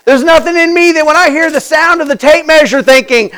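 High-voiced pastor preaching with swings. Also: male voice, fast, hardly any pauses, low-quality recording. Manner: swings from quiet intimacy to loud urgent preaching; acts out quoted voices and asks rhetorical questions. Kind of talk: sermon.

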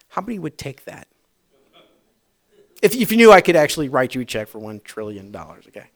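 A man preaching a sermon, swinging from shouting to hushed tones. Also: a little high, big pitch swings, a little fast, long pauses. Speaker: pastor.

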